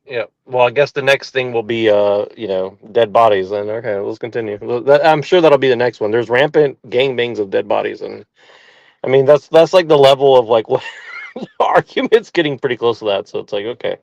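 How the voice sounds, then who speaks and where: A man's voice: mid-range voice, a little fast, gravelly, dry recording. A man co-hosting a podcast in casual chat, sarcastic, often stammering and restarting his sentences. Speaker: podcast co-host. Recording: dull lo-fi mic.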